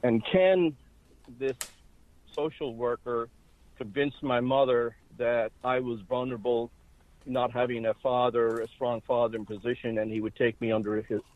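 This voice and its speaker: A man in his sixties from Ireland, a guest recounting his life story in a steady, storytelling way. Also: medium pitch, normal speed. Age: 60s. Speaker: interview guest. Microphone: telephone. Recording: dry tinny phone line.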